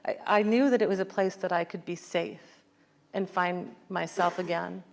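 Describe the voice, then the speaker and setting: A woman's voice: fairly low pitch, steady tone, normal speed, vocal fry. An American woman, an author, talking reflectively in an onstage conversation, with many fillers and restarts. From United States. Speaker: author guest.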